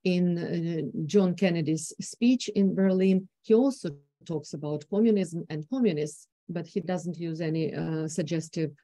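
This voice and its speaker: A woman's voice: fairly low pitch, unhurried, few pauses, dark tone, dry recording. Woman giving a hesitant conference talk. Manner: hesitant, many fillers and restarts. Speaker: conference speaker. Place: conference hall.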